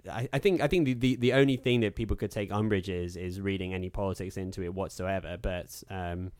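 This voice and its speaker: A man's voice: low voice, fairly even intonation, fairly quick, a little mellow, dry recording. A man co-hosting a podcast, talking through films in a rambling, wry way with lots of fillers. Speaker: podcast co-host. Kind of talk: casual film discussion.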